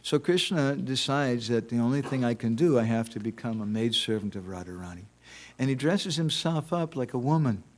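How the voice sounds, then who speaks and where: A man's voice: mid-range voice, animated, normal speed. Man, temple lecturer; conversational devotional talk with stories and rhetorical questions. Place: temple hall.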